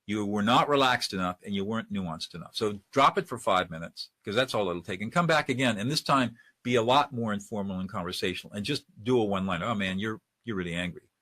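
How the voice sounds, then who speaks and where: Casting: male webinar trainer, bright forceful voice, conversational, dry close-mic sound. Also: lowish voice, animated, fast talker, hardly any pauses, no echo. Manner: conversational, demonstrates lines by acting them out. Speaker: de-escalation trainer. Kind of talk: webinar lecture.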